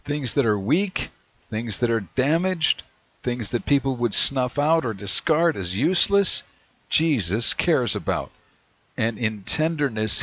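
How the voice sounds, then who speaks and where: A man preaching a sermon in a measured way, slowing down whenever he reads scripture aloud. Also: mid-range voice, a bit bright. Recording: dry, dull lo-fi recording.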